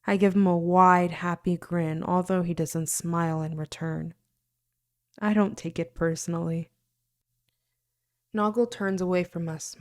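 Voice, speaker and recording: A woman reading a fantasy novel aloud in the first person, expressive, sometimes dropping to a near-whisper. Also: lowish voice. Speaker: audiobook narrator.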